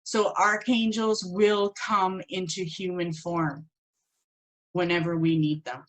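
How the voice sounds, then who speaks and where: A woman teaching a spiritual course, telling a personal story in an animated way and acting out the voices of the people in it. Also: lowish voice, slow pace, poor audio. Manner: animated, acts out quoted voices.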